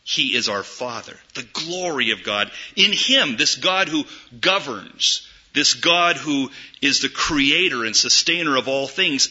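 A man preaching a sermon, swinging from loud emphatic peaks to hushed low asides. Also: breathy edge. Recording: dull lo-fi recording.

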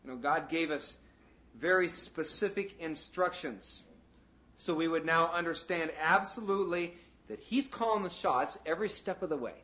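Guy preaching casual sermon, kinda high voice, jumps around a lot, muffled lo-fi sound. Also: normal speed. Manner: conversational and animated, with lots of "you know" asides; breaks into jokes and acted asides. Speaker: pastor. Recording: dull, lo-fi sound.

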